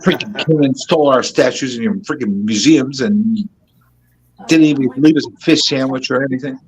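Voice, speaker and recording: A man's voice: mid-range voice, moderate pace, low-quality recording. A man from New York in a casual group chat, brash and joking, with plenty of swearing.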